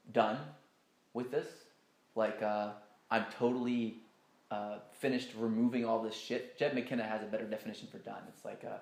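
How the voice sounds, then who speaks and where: Gravelly man telling a rambling story. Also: mid-range voice, reverberant. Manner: rambling, emphatic, swears often. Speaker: speaker telling a personal story. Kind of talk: casual storytelling talk.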